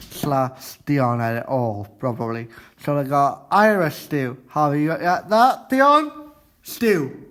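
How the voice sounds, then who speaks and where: A man presenting a student radio show in a halting, chatty way, often stopping to quiz his classmates in the studio. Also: on the high side, clear, resonant tone. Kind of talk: casual radio chat.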